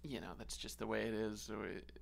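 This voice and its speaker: A man co-hosting a podcast, talking in a sarcastic, animated way in casual chat. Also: on the low side, brisk, vocal fry. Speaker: podcast co-host.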